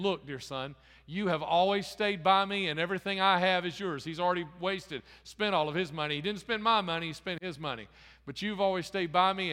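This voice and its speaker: A man's voice: high voice, pushed and bright. A man preaching a sermon, retelling a parable in a conversational, storytelling way with frequent restarts and repeated words. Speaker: pastor. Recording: long hall reverb.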